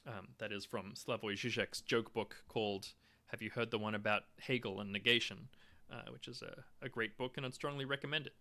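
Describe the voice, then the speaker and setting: A young man talks through ideas in a relaxed explainer, his voice bright and forward. He often stops and restarts, filling gaps with ums and uhs. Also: medium pitch, brisk. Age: young adult. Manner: hesitant, lots of ums and restarts. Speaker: video lecturer on theory. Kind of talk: casual explanatory talk.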